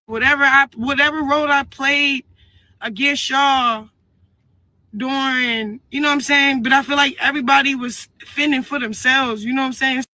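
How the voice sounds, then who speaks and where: A woman's voice: high-pitched, steady tone, moderate pace, sharp tone, no echo, poor audio. A woman speaking on a livestream, rambling and earnest as she apologizes and talks about her son. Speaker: mother speaking in a livestream clip. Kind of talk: emotional livestream talk.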